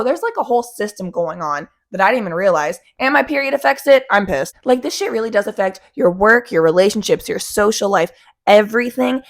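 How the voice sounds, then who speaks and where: A young woman talks straight to her viewers in a casual vlog. Her voice sits a little high, and she swears bluntly and freely. She keeps an animated, outspoken delivery throughout. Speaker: vlogger.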